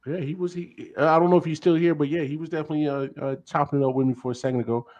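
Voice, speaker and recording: A man hosting a casual late-night sports talk show, animated and filling his talk with hesitations. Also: a little high, rapid-fire, dull audio. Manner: animated, hesitant with many fillers.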